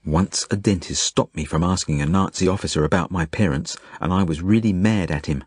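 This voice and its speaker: A man reading his own novel aloud as a first-person audiobook, earnest and measured. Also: low-pitched, breathy edge, dry recording, clean studio sound. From Australia. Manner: earnest, measured, gentle storytelling.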